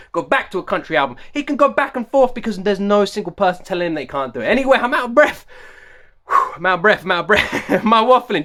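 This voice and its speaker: A man hosting a music reaction video, ranting in an animated, excitable way and repeating himself for emphasis. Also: sits high. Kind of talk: casual rambling rant to camera.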